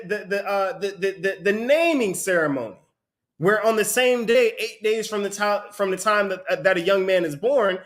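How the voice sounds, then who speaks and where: A man teaching a Bible study, explaining the text in an animated way and often asking "right?". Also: high-pitched. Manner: animated, asks rhetorical questions, repeats "right?". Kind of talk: sermon-style teaching with a reader.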